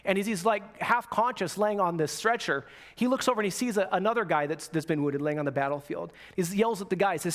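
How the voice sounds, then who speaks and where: A man's voice: sits high, brisk, few pauses. A young man preaching a sermon as a pastor, telling a story in a casual way and acting out the voices of the people in it.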